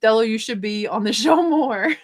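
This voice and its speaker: Fast-talking upbeat middle-aged woman. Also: fairly high pitch, lively intonation. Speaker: live-stream host. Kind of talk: casual live-stream chat, reading viewer comments.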